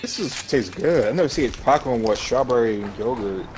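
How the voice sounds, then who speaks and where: A man's voice: medium pitch, lively intonation, fairly quick. A young man chatting while playing a game, rambling in slangy talk and laughing often. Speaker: gaming guest. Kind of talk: casual gaming chat. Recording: noisy line.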